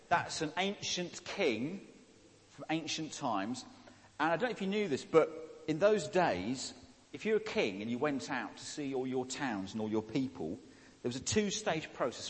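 A man preaching a sermon in a chatty, joking way and asking the congregation questions. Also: medium pitch. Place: church hall. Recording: long hall reverb.

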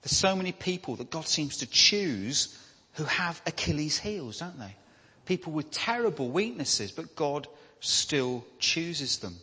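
Chatty preacher, husky, in a reverberant hall. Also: male voice, fairly high pitch, very animated, measured pace, sharp tone. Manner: conversational, with tag questions. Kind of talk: sermon.

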